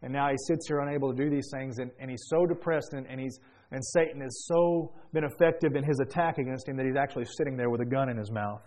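A man's voice: medium pitch, steady tone, fast, a little mellow. Preacher man building to fervent praise. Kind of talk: sermon.

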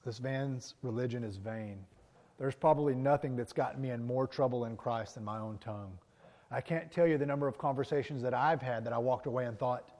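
A man delivers a sermon in an everyday mid-range voice, driving his points home by repeating them. His force builds to emphatic peaks, then drops back to quieter, reflective lines. The sound rings with the long reverb of a church hall. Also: medium pitch, a little fast. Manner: earnest preaching, rising and falling in force, repeating key lines. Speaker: pastor.

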